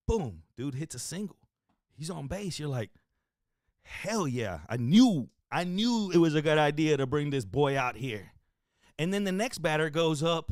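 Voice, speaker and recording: A man co-hosting a casual sports chat stream, telling a story with animated energy and building to shouts. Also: a little high, no room sound, clean studio sound. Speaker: co-host.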